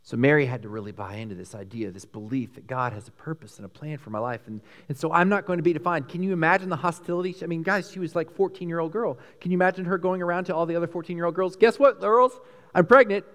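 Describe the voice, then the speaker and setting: A man with a Texan accent preaching a sermon, emphatic and animated, swinging between loud peaks and hushed lines. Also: a little high, rapid-fire, few pauses, long reverb tail. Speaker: pastor.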